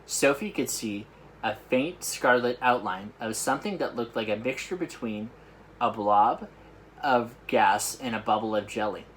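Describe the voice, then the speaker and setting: A man at a summer camp reading a children's book aloud in a lively, expressive way. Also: medium pitch, slight background noise, low-quality recording. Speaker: camp storyteller.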